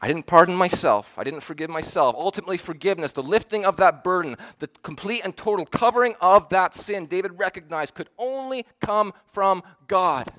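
A man preaching a sermon, earnest and emphatic, slowing down to stress the verses he quotes. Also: sits high, animated, fairly bright tone.

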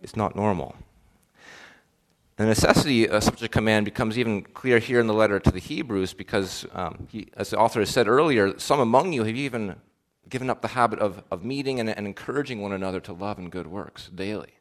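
A man's voice: on the low side, fairly quick. A male pastor preaching a sermon in an earnest, questioning way, with frequent fillers and restarts.

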